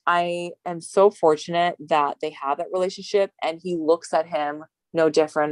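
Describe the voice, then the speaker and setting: A woman's voice: low-pitched, darkish tone, no echo. A woman from Hawaii, a bodybuilding competitor, chatting as an interview guest, rambling and laughing, tired. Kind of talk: casual interview talk.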